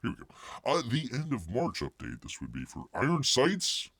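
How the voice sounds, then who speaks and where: A man's voice: mid-range voice, wildly swooping pitch, normal speed, a bit bright, husky, no echo. A man hosting a casual livestream, rambling with jokey asides and calling himself by name in the third person. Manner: jokey asides and silly voices. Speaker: livestream host.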